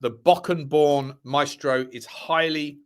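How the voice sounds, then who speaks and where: On a football fan livestream, a male host reads transfer news aloud in a casual chat, slipping in cheeky asides and repeating his phrases. His voice is a little high, with a steady tone and a slow pace.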